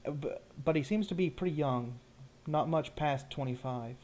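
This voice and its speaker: A man's voice: a little high, normal speed. Easygoing male game master. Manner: relaxed, searching for words. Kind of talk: improvised game narration.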